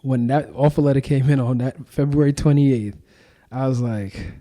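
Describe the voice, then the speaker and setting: Slangy young man, mellow voice. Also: mid-range voice, normal speed. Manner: animated storytelling, acts out quoted exchanges; casual slangy speech. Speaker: podcast host and owner being interviewed. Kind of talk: casual interview talk.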